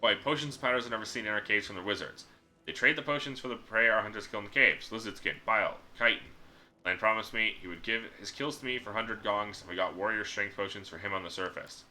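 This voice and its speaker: Jittery cave trader woman, read by a man, rushed, bright tone. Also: on the low side, rough recording. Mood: nervous. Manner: read aloud from the screen. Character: nervous female cave trader.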